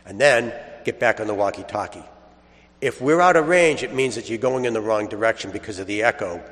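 A man's voice: on the low side, expressive, a little fast, a bit bright. A man giving a sermon as a story, earnest, repeating phrases and lifting his voice for emphasis. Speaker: preacher. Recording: long hall reverb.

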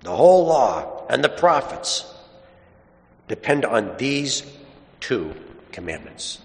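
A man's voice: medium pitch, big pitch swings, slow pace. A man, a Catholic priest or deacon, giving a homily with folksy personal stories mixed with scripture. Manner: folksy storyteller, mixes personal anecdotes with scripture. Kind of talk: gospel reading and homily. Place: large church. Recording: echoey church with long reverb.

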